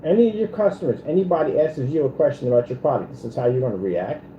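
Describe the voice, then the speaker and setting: A man's voice: mid-range voice, lively intonation, quick pace, highs cut off, slight background noise. A man hosting a confrontational commentary rant, taunting and repeating himself. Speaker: channel host. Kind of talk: ranting commentary video. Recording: echoey room with music behind.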